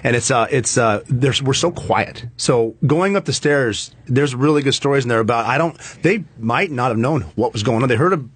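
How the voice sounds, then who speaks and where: A man, a former soldier being interviewed on a talk show, telling stories quickly and acting out the quoted dialogue. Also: mid-range voice, husky. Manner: rapid anecdotes, acts out quoted dialogue. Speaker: guest, former special operations soldier.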